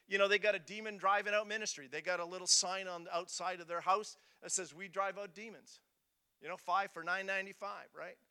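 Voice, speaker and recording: High, bright-voiced preaching man. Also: smooth. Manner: emphatic, repeats phrases, swings from loud to soft. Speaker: pastor. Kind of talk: sermon. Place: church.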